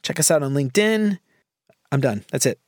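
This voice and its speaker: A jokey podcast host whose slightly high voice moves around a lot as he talks. He trails off at the ends of his sentences. The sound is dry and close, with no room around it. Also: animated, normal speed, dry recording. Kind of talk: casual chat.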